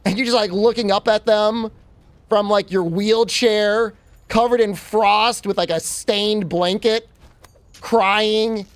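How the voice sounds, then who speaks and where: Playing a game on stream, this man chats with his viewers in a loose, rambling, joking way. His voice sits high, he speaks a little slowly, and there's no echo.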